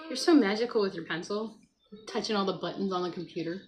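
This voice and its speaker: A woman's voice: medium pitch, quick pace, faint music behind, rough recording. Chatty woman hosting a morning livestream. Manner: chatty, reads chat aloud, talks to her child between comments. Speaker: livestream host. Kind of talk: casual morning livestream chat. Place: at home by a computer.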